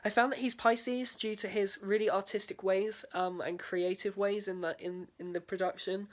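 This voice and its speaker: A woman's voice: medium pitch, little pitch movement, normal speed. A young woman, a drama student, talking through a spoken video diary in a hesitant way, full of fillers and "sort of".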